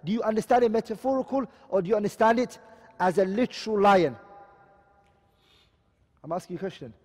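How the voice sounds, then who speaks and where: Male teacher, high voice, lectures and quizzes students, reverberant hall sound. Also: a little fast, darkish tone. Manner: explains terms and keeps asking the class questions. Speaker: Islamic studies teacher. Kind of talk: classroom lecture.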